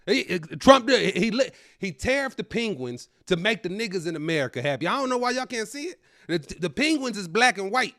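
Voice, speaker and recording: A man in his thirties, a comedian hosting his own show, ranting loudly to camera at home into his own microphone. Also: high voice, a little fast, no echo, clean studio sound. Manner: animated, loud and ranting. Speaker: comedian host.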